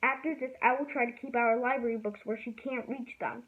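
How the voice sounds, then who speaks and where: An exasperated older sister, as a woman reading a storybook puts her on, who pleads and complains in a raised, higher voice. The tinny, phone-like recording narrows the sound. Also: steady tone, fairly quick, natural voice. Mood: polite.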